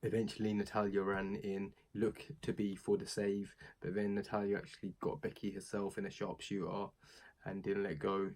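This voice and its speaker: A man's voice: lowish voice, completely flat delivery, normal speed, darkish tone. A young British man casually recapping a wrestling show, rambling and chatty, with many fillers and asides. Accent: British English.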